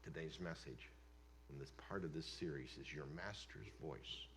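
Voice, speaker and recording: A man preaching a sermon as pastor of a church, emphatic, swinging between loud declarations and hushed asides. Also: extremely low pitch, moderate pace, a little hiss or hum. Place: church sanctuary.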